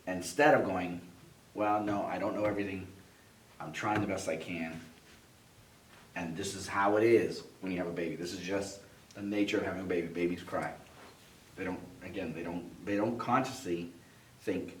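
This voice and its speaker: Male co-host with a lowish voice, earnest and advising, in a roomy space with faint hiss. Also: steady tone, normal speed, pauses often, distant mic. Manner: earnest, advising, lots of "yeah" backchannels. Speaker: podcast co-host, father. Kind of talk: casual chat.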